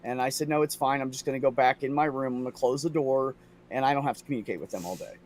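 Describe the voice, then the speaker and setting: A man's voice: mid-range voice, fast talker, a little hiss or hum. A frustrated man in casual podcast chat, telling a story with lots of swearing and mimicking the voices of the people in it. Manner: venting, profane, animated storytelling.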